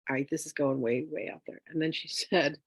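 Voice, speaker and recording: A woman telling a personal story in a casual, animated way as a spiritual wealth teacher, with lots of fillers. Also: deep voice, a little fast, slightly rough, dry recording. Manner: animated, chatty, with frequent fillers; emotional, near tears.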